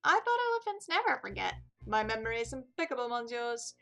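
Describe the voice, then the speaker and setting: A woman's voice: mid-range voice, lively intonation, soft background music, close to an everyday voice. Woman putting on a grand, pompous elephant shopkeeper. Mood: grandiose. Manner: put-on stereotypical European accent, slow and grand. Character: pompous male elephant chocolate-shop owner.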